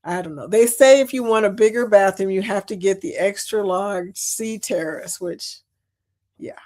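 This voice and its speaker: A woman's voice: medium pitch, moderate pace. A middle-aged woman hosting a casual livestream chat, reading viewer comments and telling stories with frequent laughter. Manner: chatty, laughs often, animated storytelling. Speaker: host of a cruise chat livestream.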